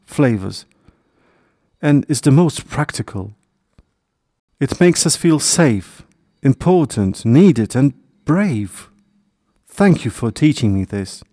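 A man's voice: medium pitch, dark tone, no room sound, studio quality. A man voicing a young male hedgehog in a storybook, earnest and emotional, speaking in a raised, pleading voice.

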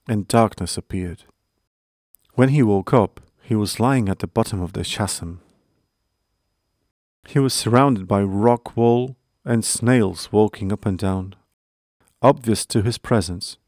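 A man narrating a storybook in a measured, earnest way. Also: on the low side, darkish tone, no room sound, studio quality.

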